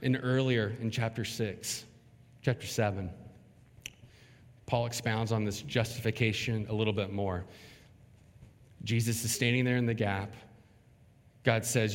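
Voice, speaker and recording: Male pastor, sermon delivery, slow and deliberate with heavy pauses, church hall reverb. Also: on the low side, fairly even intonation. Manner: dramatic preaching with slow emphatic pauses.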